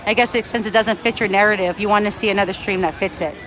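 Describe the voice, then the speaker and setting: A man's voice: high-pitched, steady tone, fast talker, fairly bright tone. Angry New man on a street livestream, profane, light traffic noise. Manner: angry, profane, answers chat comments. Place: outdoors on a city street.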